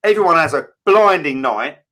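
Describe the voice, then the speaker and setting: A middle-aged man, a guest talking candidly in a casual interview, often pausing on fillers and restarting. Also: a little high, expressive, sharp tone. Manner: candid, plain-spoken, with many fillers and restarts.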